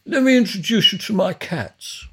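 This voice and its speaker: A man's voice: sits high, lively intonation, moderate pace, breathy edge, pitched above the performer's own voice, full character voice. A man voicing a drunken, eccentric male rehearsal-room owner who gushes and then flares up. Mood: fussy. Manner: gushing then suddenly shouting.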